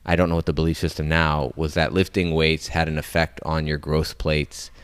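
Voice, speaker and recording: Podcast co-host, man; very low, smooth voice, dry close mic, measured and often laughing. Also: level tone, no room sound. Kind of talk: casual chat.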